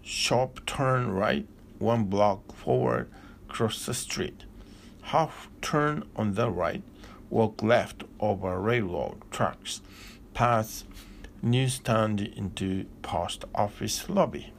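A man voicing a gruff, brusque traveler from Berlin who barks out directions and orders. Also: lowish voice, lively intonation, very slow, slight background noise, heavily acted. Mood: curt. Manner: curt, barking orders.

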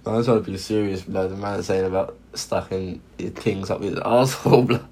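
A young man with a fairly low voice co-hosts a loose, casual podcast. He talks in an animated way, full of slang, and laughs often. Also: normal speed. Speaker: podcast co-host. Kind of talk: casual chat.

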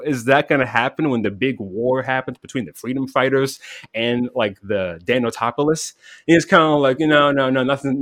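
A man's voice: medium pitch, dry recording. A man telling a rambling, casual story about an online game, full of "like" fillers, acting out quoted voices. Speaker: podcast guest.

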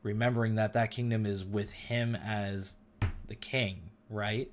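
A man's voice: on the low side, fairly even intonation, unhurried, faint music behind. A middle-aged man hosting a casual faith talk, speaking earnestly and with feeling, using loose everyday slang. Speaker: host.

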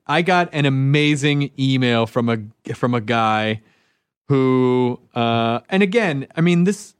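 A man co-hosting a casual podcast chat, excitable and quick to laugh. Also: medium pitch, clean tone. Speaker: podcast co-host and author.

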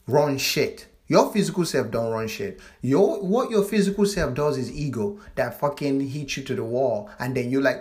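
A man's voice: medium pitch, normal speed, hardly any pauses. Male channel host, casual spiritual monologue, emphatic and profane, free-flowing speech with restarts. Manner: fluid non-standard grammar with frequent restarts.

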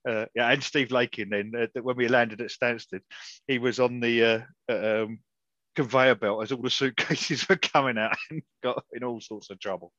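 A man's voice: medium pitch, steady tone, normal speed, sharp tone, dry recording, lo-fi sound. Rambling man telling stories. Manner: rambling storyteller, many restarts and chuckles. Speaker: podcast host, interviewer. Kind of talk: casual anecdotal chat.

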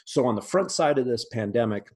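A man's voice: mid-range voice, lively intonation, brisk, a little mellow, husky. Blunt, profane man. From United States. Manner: blunt and profane, many restarts. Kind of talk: casual podcast conversation.

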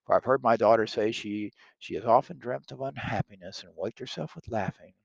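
A man's voice: lowish voice, fairly quick, creaky, no echo, muffled recording. A man reading a fond older nobleman.

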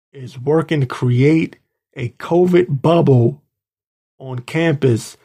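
A man's voice: medium pitch, dark tone. A man hosting a podcast, ranting angrily and indignantly, mocking the people he talks about. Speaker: podcast host. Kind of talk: ranting commentary. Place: works in Washington DC area.

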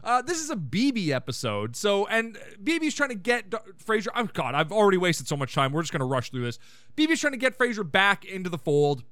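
A man's voice: high voice, a bit bright, no room sound. A man hosting a podcast, giving a casual, irreverent recap of a sitcom episode with sarcastic asides and rants. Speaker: podcast host.

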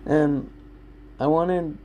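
A man's voice: a little high, dark tone, a little hiss or hum. A young man in his own room, rambling candidly and swearing often in a casual solo talk to his listeners. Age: young adult. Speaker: podcast host.

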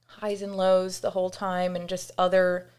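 A woman's voice: lowish voice, moderate pace, clear, resonant tone. Woman guest telling a candid story. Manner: animated, acts out quoted voices, frequent fillers. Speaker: podcast guest.

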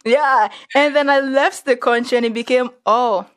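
A woman's voice: sits high, normal speed, clean tone. A young adult woman with a Nigerian accent, chatting casually and acting out dialogue as she tells stories. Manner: lively storyteller acting out dialogue. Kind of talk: casual chat.

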